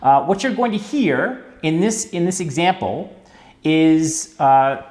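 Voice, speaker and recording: Male dance instructor, lively intonation, joking asides, checks in with the viewer often. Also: a little high, takes it slowly. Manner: chatty, wry asides, checks in with "yes?" and "all right". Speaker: tango teacher. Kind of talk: instructional video lesson.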